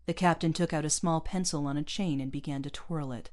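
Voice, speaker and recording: A woman narrating an audiobook in an even, measured storytelling way. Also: deep voice.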